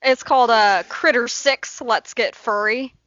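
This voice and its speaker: A woman's voice: on the high side, measured pace, fairly bright tone, no echo, muffled recording. A woman co-hosting a horror comedy podcast, chatting with dry, playful jokes. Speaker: podcast co-host. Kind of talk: casual chat.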